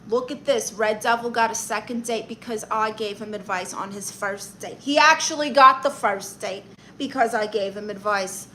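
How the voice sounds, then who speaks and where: A woman's voice: medium pitch, pushed and bright, a little hiss or hum, lightly acted. A woman in character as a brash Brooklyn aunt who calls herself a therapist, reading viewer comments on a comedy livestream with sassy comebacks. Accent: Brooklyn New York. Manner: sassy, brassy, quick comebacks.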